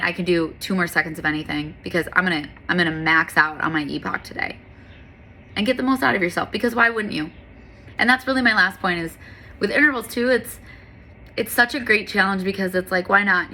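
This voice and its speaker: Bright-voiced woman giving candid encouragement. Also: fairly low pitch, a little hiss or hum. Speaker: yoga and fitness instructor. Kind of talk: casual motivational monologue.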